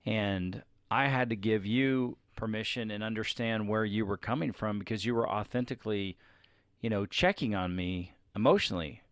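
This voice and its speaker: Candid lower-voiced male podcast co-host. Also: moderate pace, no room sound. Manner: candid, confessional storytelling. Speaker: podcast co-host with his wife. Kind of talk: casual chat.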